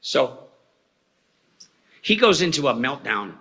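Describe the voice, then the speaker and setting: This eyewitness, speaking at a talk in a hall, has a somewhat high voice that sounds pushed and bright, with lively intonation at a moderate pace. His storytelling is folksy and meandering, punctuated by "okay?" check-ins. The recording echoes with the hall's reverb.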